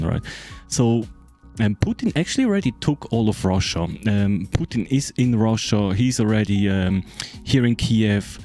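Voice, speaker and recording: A man's voice: on the low side, darkish tone. A German man whose first language is German, speaking with a German accent. He chats loosely to friends with lots of fillers, swearing, and repeated checks like "right?". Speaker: game streamer. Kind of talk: casual chat explaining a map to friends.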